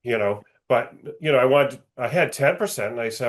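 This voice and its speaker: A man's voice: mid-range voice, brisk, few pauses. A man, a guest investor, talking casually on a video call about a deal. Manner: conversational, many fillers and restarts.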